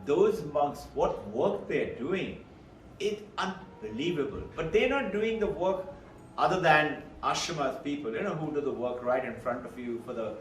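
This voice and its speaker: A man's voice: on the high side, expressive, moderate pace. A man giving a Vedanta lecture as a spiritual teacher, earnest and storytelling, repeating phrases for emphasis. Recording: roomy echo, distant mic, faint hiss.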